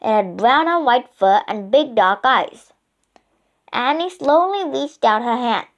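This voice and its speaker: Woman narrator for a children's storybook, slow and unhurried, expressive. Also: fairly high pitch, muffled recording.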